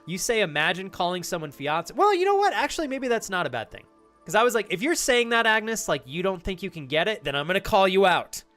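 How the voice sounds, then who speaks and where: A man streaming live, chatting casually with his viewers and reacting to their messages, animated and hyped, with casual swearing. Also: high-pitched, brisk, faint music behind. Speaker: streamer reading chat.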